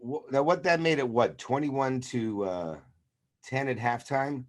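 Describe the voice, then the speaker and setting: A man co-hosting a sports podcast, telling game moments in an animated way and acting out reactions. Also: mid-range voice, unhurried. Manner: animated storyteller who acts out reactions. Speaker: podcast co-host. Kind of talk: casual sports chat.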